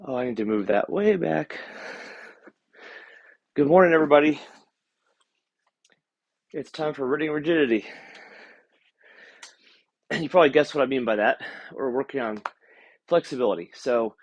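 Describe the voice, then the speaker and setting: A man's voice: mid-range voice, expressive, moderate pace, pauses often. A man leading a seated stretching class online, calling out steps and counting reps with encouragement. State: out of breath. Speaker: exercise instructor. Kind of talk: live-streamed seated exercise class.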